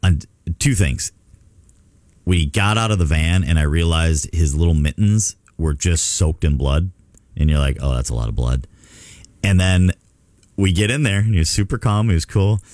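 A man's voice: deep voice, moderate pace, no echo. A middle-aged man hosting a radio show, telling a story in casual chat. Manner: storytelling, animated retelling. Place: radio studio.

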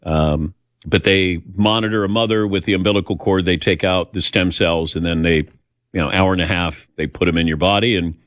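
This older host has a deep, steady, slightly bright voice and moves at a brisk pace through personal stories, chatty and self-deprecating, acting out the voices he quotes. The recording is dry with clean studio sound.

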